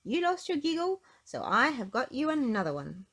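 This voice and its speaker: A woman's voice: sits high, sing-song, normal speed, a bit bright, voice pushed up, full character voice. A woman voicing a cheerful, hopeful man who chortles and chuckles. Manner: chortling, upbeat.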